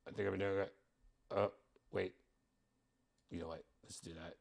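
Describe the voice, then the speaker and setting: A man hosting a live stream, talking casually in a rambling, excitable way with lots of fillers. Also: sits low, normal speed, creaky. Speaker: streamer host.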